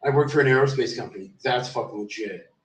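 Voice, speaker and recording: A man's voice: medium pitch, fast talker. Man, casual rambling storyteller, frequent swearing, distant mic, echoey room. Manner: swears freely, loose and rambling with many fillers. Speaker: vlogger. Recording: roomy echo, distant from the mic.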